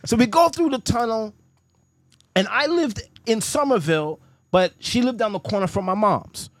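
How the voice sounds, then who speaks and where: A man telling a story in a casual podcast chat, animated and profane, laughing often. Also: sits high, normal speed, no room sound. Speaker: guest storyteller.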